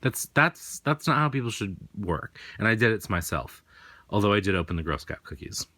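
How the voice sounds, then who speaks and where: A tarot reader and host with a faint New England accent rambles casually through an unboxing, chatty and self-deprecating. His voice is on the low side, sing-song and sharp, moving briskly, and the recording is dry.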